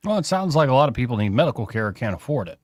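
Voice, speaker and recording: A man's voice: mid-range voice, sing-song, rapid-fire, darkish tone, no echo. Wry talk radio host man, dry studio. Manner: conversational, wry, plays clips. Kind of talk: casual talk radio chat. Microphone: studio microphone.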